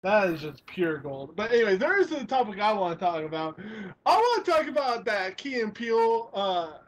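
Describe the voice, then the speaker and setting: A young man co-hosting a casual podcast, excitable and crude, laughing as he retells comedy sketches. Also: high-pitched, moderate pace. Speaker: podcast co-host.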